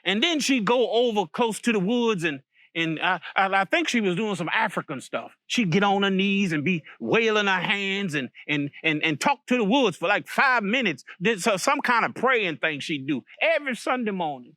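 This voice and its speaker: Man from virginia telling an old folk story, kinda high voice, lots of "and, and" restarts. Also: lively intonation, normal speed, pushed and bright, dry recording, studio quality. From Virginia, USA. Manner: folksy, repeats words, many restarts.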